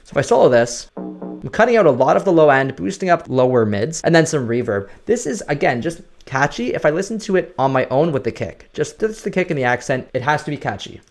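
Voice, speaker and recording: A man's voice: on the high side, sing-song, brisk. A man giving a casual, explanatory music production tutorial at his computer, often checking in with "right?". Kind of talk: screen-recorded production tutorial.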